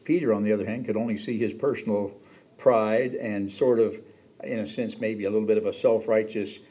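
A man's voice: fairly low pitch, fairly even intonation, brisk, warm tone, breathy edge. A man preaching a sermon in a conversational way, acting out the quoted lines with a raised voice. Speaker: pastor.

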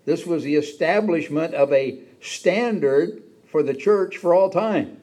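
A man's voice: fairly high pitch, unhurried, a little mellow. A man preaching a sermon in a conversational way, acting out the quoted lines with a raised voice. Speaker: pastor.

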